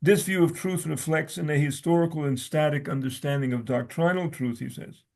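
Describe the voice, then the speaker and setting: Higher-voiced scholarly man with restarts. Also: fairly quick, gravelly, darkish tone. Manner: stuttering restarts, scholarly quoting of sources. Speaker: guest scholar. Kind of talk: conversation, reading aloud from his own essay.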